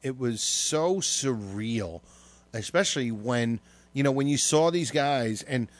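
A man's voice: mid-range voice, expressive, takes it slowly. A man co-hosting a radio talk show, telling a rambling, emotional story with plenty of profanity. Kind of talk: casual podcast chat.

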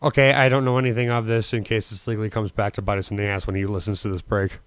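A man co-hosting a podcast in crude, casual banter, blunt and sneering, quick to throw out insults. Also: fairly low pitch, little pitch movement, clean tone, no echo. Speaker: podcast co-host.

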